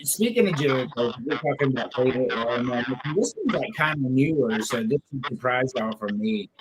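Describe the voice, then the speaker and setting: A man's voice: mid-range voice, background noise. A man hosting a casual chat, telling stories with animation and swearing freely.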